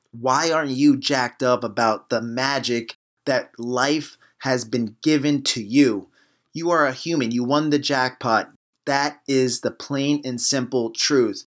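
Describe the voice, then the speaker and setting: A man hosting a motivational podcast as a life coach, fired up and preachy, hammering home short repeated phrases. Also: mid-range voice.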